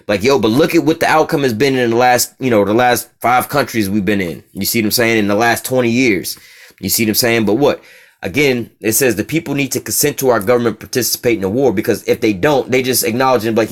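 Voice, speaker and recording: A man preaches in a rapid, rushing delivery at a middle pitch, reading a text aloud and breaking it down for his listeners. His talk is blunt, profane and heated, full of restarts and repeated asides. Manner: blunt, profane and heated, with frequent "you see what I'm saying" asides; repeats and restarts words while driving his point. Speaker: religious teacher. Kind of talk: street-style religious lecture, reading a text aloud and commenting.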